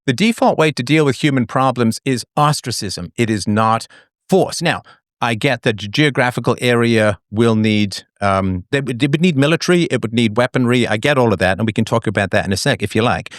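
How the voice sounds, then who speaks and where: A man hosting a debate, explaining his views in a lively, argumentative way. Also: medium pitch, brisk, no room sound, studio quality. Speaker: debate host.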